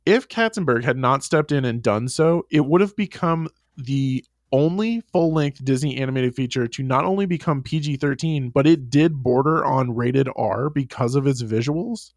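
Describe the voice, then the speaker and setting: Male podcast co-host, lively swearing storyteller, dry close mic. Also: mid-range voice, normal speed, few pauses, dry recording. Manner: animated storytelling, swearing, frequent laughs. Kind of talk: casual chat.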